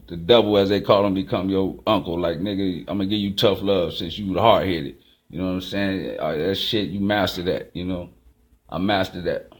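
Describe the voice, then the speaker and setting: Speaking with a Chicago accent, this channel host rambles casually through fast-told stories, voicing both sides of the conversations himself. He has a fairly low voice.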